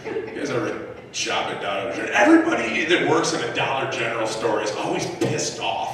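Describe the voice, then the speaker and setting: A man's voice: mid-range voice, fairly quick, noisy background. Guy doing a foul-mouthed stand-up set, big echoey room, mic far off, crowd laughing behind him. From United States. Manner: profane, animated, acts out voices and shouts. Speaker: stand-up comedian. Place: live comedy club stage. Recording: echoey club room recorded from a distance. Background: audience laughter.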